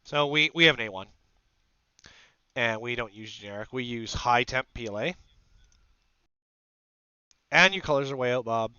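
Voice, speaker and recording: A man's voice: mid-range voice, expressive, normal speed, pauses often, bright, forceful tone, clear, resonant tone, no echo, dull audio. A man hosting a casual maker livestream, rambling to his viewers and to himself as he sets up a 3D print. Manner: rambling, talks to the audience and to himself. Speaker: maker channel host.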